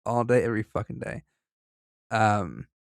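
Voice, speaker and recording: Gravelly-voiced man reading a story aloud. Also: lowish voice, moderate pace, no echo. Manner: profane, joking asides between read passages. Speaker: podcast co-host reading a story. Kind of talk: casual story reading with banter.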